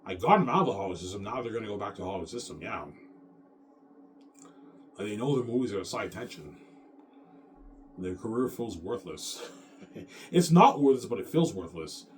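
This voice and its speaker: A man's voice: lowish voice, sing-song, a little fast, long pauses. A man in a rambling, boastful monologue who keeps repeating himself and tacks "man" onto his sentences. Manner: repetitive, boastful, peppers speech with "man". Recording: faint noise, mic at a distance.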